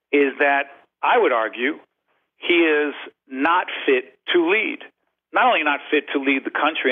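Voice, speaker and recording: A man speaks as a guest on a radio interview, his fairly high voice squeezed through a narrow, tinny phone line. He talks emphatically and stacks up repeated phrases to drive each point home. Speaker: guest, leadership and communication author. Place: call-in to satellite radio show.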